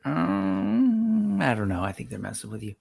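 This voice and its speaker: A man's voice: a little high, very animated, measured pace, vocal fry, a little mellow, breathy edge. A man in his forties hosting a casual livestream, chatting loosely and greeting viewers by name as he reads the live chat. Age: 40s. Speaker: host.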